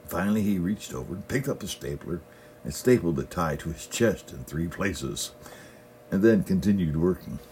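A man's voice: low-pitched, lively intonation, moderate pace, darkish tone, slight background noise. A middle-aged male pastor giving a sermon in a folksy storytelling manner, often opening his sentences with "well".

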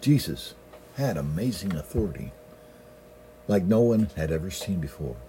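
With a warm, low-pitched, expressive voice at a moderate pace, a middle-aged male pastor delivers a folksy, story-driven sermon, often beginning with "well." Slight background noise is audible.

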